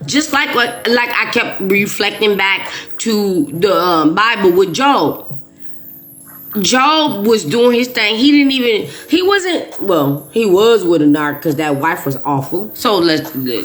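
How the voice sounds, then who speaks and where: A woman's voice: medium pitch, lively intonation, a little slow, a bit bright. A woman speaking directly to her viewers in a casual, heartfelt monologue. She presses her points hard, repeats key phrases and often restarts her sentences. Faint music plays underneath. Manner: emphatic and repetitive, with frequent restarts. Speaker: video creator.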